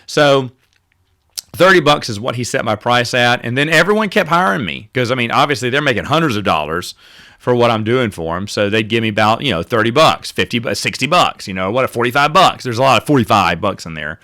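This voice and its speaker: A man's voice: mid-range voice, lively intonation, brisk, bright, forceful tone. A man hosting a podcast, telling rambling, self-correcting stories in a casual monologue. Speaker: podcast host.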